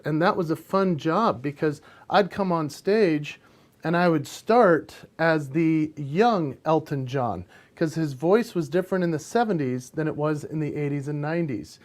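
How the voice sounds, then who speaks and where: High-voiced animated male entertainer. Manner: animated storyteller, bursts into sung bits. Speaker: guest, impressionist. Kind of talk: casual interview chat.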